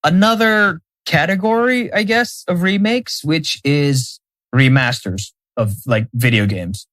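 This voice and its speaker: A man co-hosting a podcast, chatting casually in an animated way, full of fillers and restarts. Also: fairly high pitch, measured pace, dry recording. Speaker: podcast co-host. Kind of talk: casual chat.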